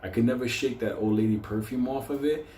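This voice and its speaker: Foul-mouthed New raconteur, mid-pitched, rambling and laughing, roomy echo with faint ambience. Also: male voice, brisk, dark tone, a little hiss or hum. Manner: profane, rambling, laughs through the telling. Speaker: storyteller. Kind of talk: comic storytelling.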